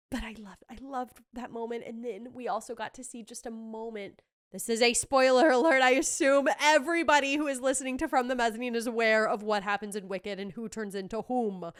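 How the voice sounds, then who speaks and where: Gushing woman podcast host, smooth and bright. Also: fairly high pitch. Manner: gushing, excitable, quick asides. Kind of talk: casual chat recapping a trailer.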